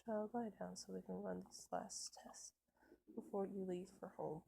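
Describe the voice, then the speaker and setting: A woman voicing a calm, ominous, faceless male creature in an amateur fan story reading, in a hushed, breathy, slow delivery. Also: mid-range voice, exaggerated voice.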